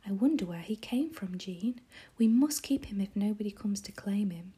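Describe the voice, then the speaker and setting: A sick, weary mother speaks tearfully from her bed, as a woman whispers her. The whispered role-play is dark in tone and very breathy. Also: medium pitch, expressive, moderate pace. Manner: tired, tearful.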